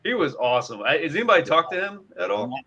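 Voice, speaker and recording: A man's voice: a little high, big pitch swings, fast talker, vocal fry, muffled recording, a crowd in the background. A man telling a story as a guest on a panel chat, laughing along.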